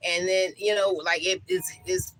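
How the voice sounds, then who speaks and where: A woman's voice: lowish voice, steady tone, a little slow, a little hiss or hum, rough recording. A woman, chatting emotionally with viewers on a live stream outdoors. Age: 30s. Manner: warm, emotional, talks to viewers with many fillers. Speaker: livestream host. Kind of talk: casual live-stream chat.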